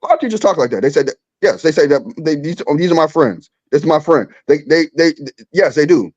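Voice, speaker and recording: A man's voice: fairly high pitch, expressive, quick pace, a little mellow, no echo. A man on a podcast panel who insists on his points and keeps repeating them in a heated casual debate. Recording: dull, lo-fi and dry.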